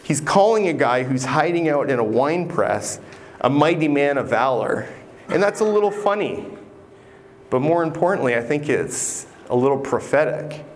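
A man's voice: a little high, expressive, normal speed, slight background noise. A man preaching a sermon in an earnest, conversational way, sometimes restarting a phrase. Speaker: pastor.

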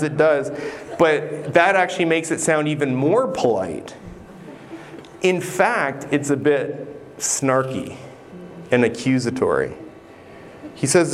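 A man's voice: a little high, animated, a little slow, slight background noise. A man preaching a sermon in an earnest, conversational way, sometimes restarting a phrase. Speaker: pastor.

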